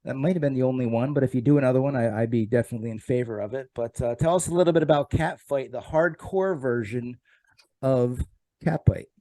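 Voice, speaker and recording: A man's voice: medium pitch, quick pace, mellow, dry recording. Brief: male streamer host, chatty and scattered, dry close sound. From South Jersey. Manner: chatty, scattered, talks to his dog mid-show. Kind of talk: casual interview chat. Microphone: computer mic on a live stream.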